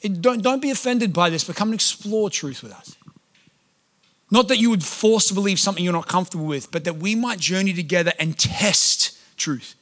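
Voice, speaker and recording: A man's voice: high voice, brisk, a bit bright. A man preaching a sermon as a pastor, conversational and humorous, telling stories with animation.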